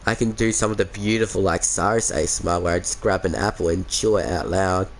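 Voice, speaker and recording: A man's voice: deep voice, a little fast, a little hiss or hum. An Australian man chatting casually with viewers on a game stream through a headset mic, laid-back and chuckly, calling everyone mate.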